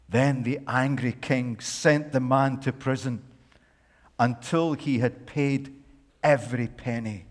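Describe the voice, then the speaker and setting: A man preaching a sermon, telling a parable in an animated way with playful asides to the congregation. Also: mid-range voice, slow pace. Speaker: pastor. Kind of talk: sermon with a dramatized parable reading. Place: church. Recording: long echo of a large hall.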